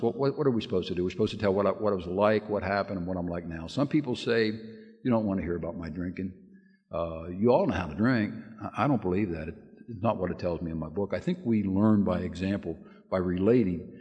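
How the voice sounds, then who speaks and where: An older man giving a lead at a recovery meeting, a folksy storyteller who laughs and restarts his sentences often. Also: sits low. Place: meeting room with audience. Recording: hall with long reverb.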